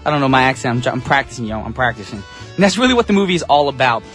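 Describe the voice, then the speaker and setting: A man's voice: medium pitch, expressive, rapid-fire, fairly bright tone, soft background music. A man from the United States hosting a morning radio show in an upbeat, chatty, self-joking way. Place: radio studio.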